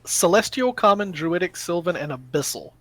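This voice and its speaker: A man with a somewhat high voice takes part as a player in a tabletop game. He works through his options out loud, counting ranges and weighing choices as he talks. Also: animated, moderate pace, no echo. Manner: thinks aloud, counting out spell ranges. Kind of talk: casual tabletop play.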